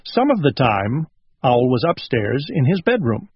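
A man reading a children's storybook aloud in a slow, gentle way. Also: mid-range voice, sing-song, breathy edge, dry recording. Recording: dull lo-fi recording.

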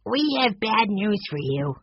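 A reader voicing a young, observant boy in a storybook reading, speaking in a bright, earnest way. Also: medium pitch, huge pitch swings, moderate pace, slight background noise, pitched above the performer's own voice. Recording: muffled lo-fi audiobook recording.

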